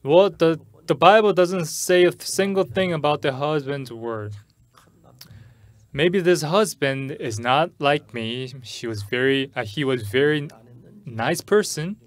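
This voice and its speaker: A middle-aged man preaching a sermon in English at a church service. He tells a personal story in a halting way, often repeating and restarting words. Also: fairly high pitch, dry recording. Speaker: pastor.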